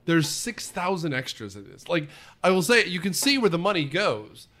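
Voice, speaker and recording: Man, casual movie-review chat, rambling, slightly high pitch. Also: very animated, normal speed, pushed and bright. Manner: rambling, lots of "like", laughs often. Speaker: podcast co-host.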